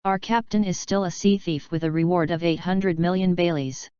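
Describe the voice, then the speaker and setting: A bold young pirate lad answers curtly and with disdain, voiced by a woman reader. The voice is very clear and a little low. The sound is dry and muffled. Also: fairly even intonation, normal speed, dark tone, dry recording, close to an everyday voice. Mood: disdainful. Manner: disdainful, curt.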